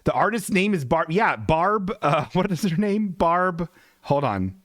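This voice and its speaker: He's a podcast host with a fairly high, unhurried voice, giggling his way through animated, comedic riffs on pictures. The recording is dry and clean, with studio sound.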